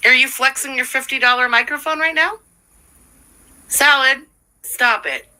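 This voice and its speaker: Woman host, high bright voice, blunt and profane, reaction stream. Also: fairly even intonation, normal speed, low-quality recording. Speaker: livestream commentary host. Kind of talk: livestream reaction commentary.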